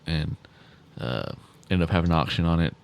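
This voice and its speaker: A man's voice: low voice, normal speed, creaky, smooth. A man co-hosting a podcast in casual chat, laughing and stumbling over his words. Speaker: podcast co-host.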